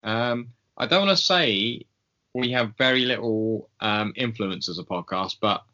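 A man co-hosting a podcast in casual chat, wry and quick to laugh. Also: lowish voice. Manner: wry, laughing, animated when opinionated. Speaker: podcast co-host. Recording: dull lo-fi podcast audio.

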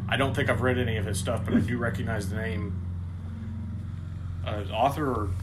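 A man's voice: mid-range voice, fairly even intonation, normal speed, very noisy. A man co-hosting a casual podcast, reading out trivia questions and answer options, with frequent restarts and laughter. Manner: hesitant, many restarts, laughs often. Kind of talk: casual chat.

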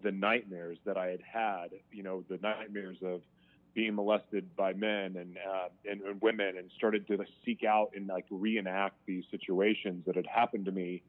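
A man's voice: low-pitched, flat delivery. Frank man on a tinny line. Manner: frank, emotional, halting with restarts. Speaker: interview guest. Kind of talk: candid personal storytelling. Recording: tinny phone-line sound.

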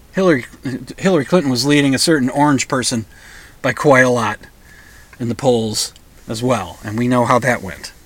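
A man's voice: mid-range voice, fairly bright tone. A middle-aged man hosting a rambling comedic monologue, digressing often and restarting his sentences with repeated words. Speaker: monologue host.

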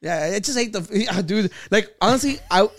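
A man's voice: high voice, lively intonation, normal speed, dry recording, studio quality. A man co-hosting a casual podcast chat, blunt and heated, swearing often and restarting his sentences. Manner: frequent restarts and filler words. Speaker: podcast co-host.

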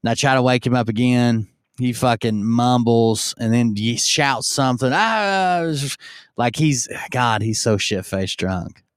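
Man, rambling storyteller, swears a lot, smooth voice, dry close sound. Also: mid-range voice, fairly even intonation, unhurried, no room sound. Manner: rambling and profane, acts out yelled quotes. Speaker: streamer telling stories. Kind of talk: casual storytelling.

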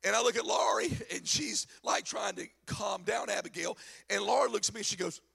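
A middle-aged man delivers a sermon in a church, his high voice edged with gravel and a husky breathiness. He tells stories with animated energy and bursts of shouted emphasis, and his tone stays bright and forceful. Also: a little fast. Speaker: pastor.

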